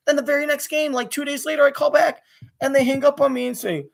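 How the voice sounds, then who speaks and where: In a very high, gravelly voice with a steady tone, a man angrily rants to camera about being cut off as a sports radio caller. He swears, speaks fast and restlessly, and keeps restarting his sentences.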